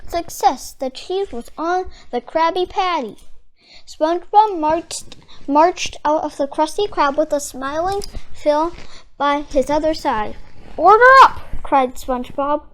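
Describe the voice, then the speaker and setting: A storybook reader narrating a children's book aloud, gently and clearly. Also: sits high, unhurried.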